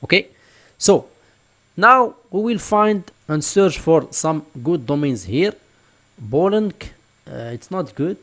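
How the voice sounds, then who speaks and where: A man's voice: fairly high pitch, animated, slow pace, fairly bright tone. Man explaining steps in a screen tutorial. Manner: explanatory, repeats "for example" and "just like this". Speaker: online tutorial instructor. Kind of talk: screen-recorded tutorial walkthrough.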